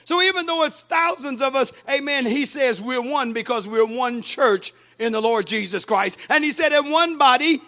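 A man preaching a sermon, fervent, breaking into shouts and sing-song cadences. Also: very high-pitched, lively intonation, normal speed, hardly any pauses.

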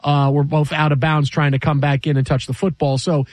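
Male radio host, high voice, animated sports chat, dry booth sound. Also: dry recording. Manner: animated, jokey, quick restarts.

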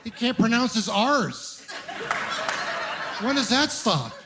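A man in his thirties from Ontario doing a stand-up comedy set, telling stories with animated, acted-out voices. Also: extremely high pitch, slow, noisy background. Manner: animated storytelling, acting out voices. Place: comedy club stage with audience.

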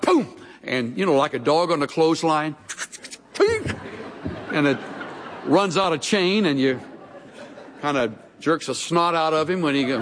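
Animated preacher in a big echoing hall. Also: male voice, fairly high pitch, measured pace, slight background noise. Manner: folksy storytelling with humorous asides. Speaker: pastor. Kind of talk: sermon. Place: large church hall. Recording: long reverb of a large hall.

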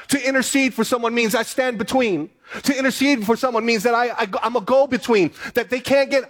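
A man with a high voice preaches a sermon, reading scripture and then driving his points home with repeated phrases. He speaks to his congregation with steady emphasis. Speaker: pastor.

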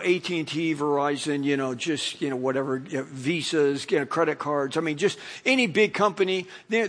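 A man's voice: on the high side, a bit bright. A middle-aged male pastor preaching a sermon in a casual, conversational way, full of "you know" asides.

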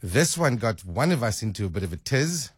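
A man hosting a chat show, musing aloud with repeated words and turning animated when excited. His voice is husky and dry, recorded close in a studio. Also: fairly low pitch, brisk, dry recording. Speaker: radio host. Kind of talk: casual radio chat.

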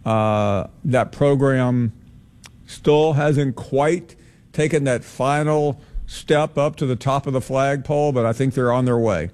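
Measured male sports radio host. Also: medium pitch, a little mellow. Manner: measured, hesitant, many "uh"s. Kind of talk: call-in sports talk.

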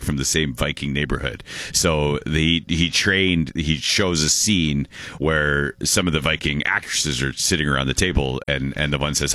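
Playful low-voiced male radio host. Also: bright, forceful tone, dry recording. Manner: playful, laughing, trailing restarts. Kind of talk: casual on-air banter.

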